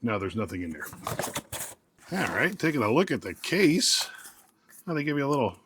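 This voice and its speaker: Mid-range with big pitch swings and a moderate pace, this man reviews tools as he unboxes them against background noise. Rambling and joking, he keeps interrupting himself with restarts and fillers.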